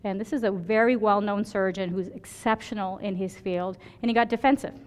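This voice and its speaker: A woman's voice: medium pitch, steady tone, fairly quick, a little mellow, in a large hall. A woman emergency physician giving a conference lecture, telling stories from her work and often checking in with "right?". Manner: chatty, storytelling, keeps asking "right?".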